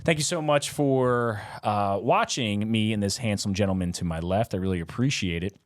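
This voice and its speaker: A man's voice: on the low side, moderate pace. A young man co-hosting a casual podcast, rambling with many fillers and laughs. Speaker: podcast co-host.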